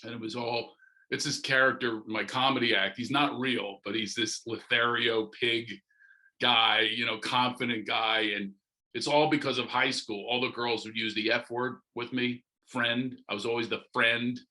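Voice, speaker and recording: A middle-aged man, a comedian guest on a podcast interview, joking and animated, leaping into loud comic asides. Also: mid-range voice, normal speed, poor audio.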